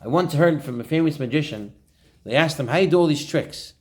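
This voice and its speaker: Rabbi telling stories in class, kinda high voice, really animated. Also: male voice, brisk. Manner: animated storyteller, acts out quotes. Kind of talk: informal Torah class.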